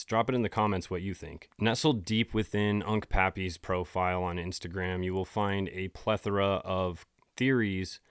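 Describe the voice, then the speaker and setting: Low-voiced casual podcast host. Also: male voice, no echo, clean studio sound. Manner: casual, storytelling tone. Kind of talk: podcast narration.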